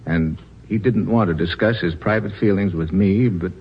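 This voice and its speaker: Earnest army chaplain, gentle, persuasive, lowish voice, lo-fi old radio. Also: male voice, normal speed, a little hiss or hum. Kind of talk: 1940s radio acting. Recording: lo-fi 1940s radio broadcast.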